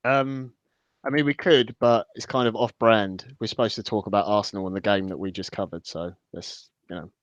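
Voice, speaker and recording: A man's voice: fairly low pitch, steady tone, normal speed, dry recording. A man co-hosting a casual football podcast, dry and wry. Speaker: podcast co-host. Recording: dull dry mic.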